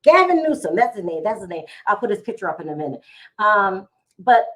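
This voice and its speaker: A woman's voice: mid-range voice, sing-song, brisk. A middle-aged woman, hosting a casual live stream from home, chatty and emotional as she talks to her viewers. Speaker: vlog host going live.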